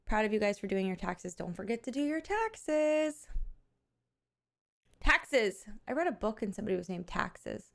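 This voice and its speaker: A woman streamer chatting casually with her viewers, animated and candid, often laughing and swearing freely. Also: mid-range voice, moderate pace, creaky. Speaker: live streamer.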